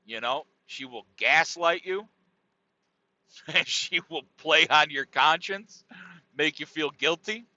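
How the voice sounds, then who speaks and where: Taking it slowly, a middle-aged podcast host meanders through a relaxed, profane comedy monologue. His voice sits on the high side with a sharp tone. The sound quality is dull, dry and lo-fi.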